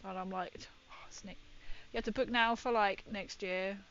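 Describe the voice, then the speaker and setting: A woman's voice: mid-range voice, fairly even intonation, fairly quick, fairly bright tone, muffled recording. A woman painting miniatures and chatting with viewers in a rambling, giggly way. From Britain. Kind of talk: casual chat while painting.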